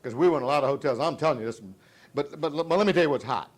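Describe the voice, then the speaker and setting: A middle-aged man from Virginia, speaking in a fairly high voice as a motivational sales speaker. He swings between loud bursts and hushed asides, cracks jokes, and keeps firing questions at his listeners. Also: racing. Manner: dramatic swings from loud to hushed, joking, audience call-and-response. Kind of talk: live motivational speech.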